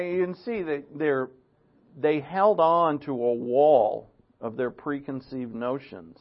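A male pastor preaching a sermon in an earnest, conversational way, often clearing his throat. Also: mid-range voice. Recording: dull lo-fi recording.

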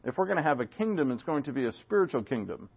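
A man teaching a Bible class verse by verse, conversational, with rhetorical questions and animated quoting. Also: mid-range voice, fast talker, gravelly, slightly rough, dull audio.

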